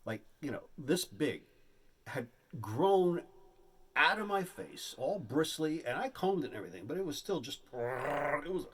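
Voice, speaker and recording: A man telling a comic story on stage, with an animated, exaggerated delivery. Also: fairly high pitch, measured pace, a little hiss or hum. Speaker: stand-up comedian. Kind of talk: stand-up storytelling.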